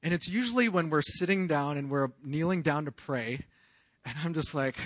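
A pastor in his thirties preaches with an earnest, confessional tone, his bright, tense voice sitting high for a man. He drops to a hush, then bursts out loud and animated. The sound is dry and close, with no room echo. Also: normal speed. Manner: earnest and confessional, swinging from hushed to loud raised outbursts. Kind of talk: sermon.

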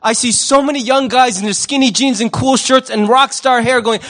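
A male pastor delivers a sermon in an animated, humorous, conversational style, asking the audience questions and acting out quick voices. His pitch is extremely high.

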